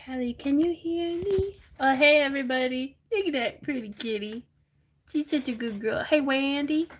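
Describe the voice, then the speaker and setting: A woman's voice: high voice, moderate pace, a little hiss or hum. A woman hosting a crafting livestream from home, chatting casually, giggling and reading viewer comments aloud.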